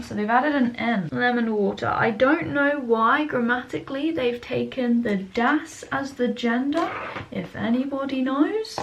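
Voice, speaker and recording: A young woman narrates a casual study vlog from her bedroom at home, sounding out German words and correcting herself. Her voice sits high and is creaky with a fairly bright tone, and the recording is rough.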